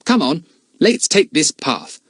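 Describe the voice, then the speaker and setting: A man voicing a sensible young boy who leads the group in a calm, decisive way. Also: a little high, slow pace, slightly rough, no echo, studio quality, voice pushed up, full character voice.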